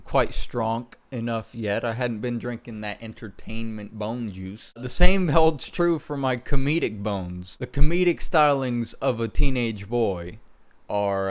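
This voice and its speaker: A man's voice: mid-range voice, measured pace. A young adult man hosting a casual commentary video, mocking himself with jokes as he looks back. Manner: self-mocking, joking, laughs at himself. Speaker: YouTuber host.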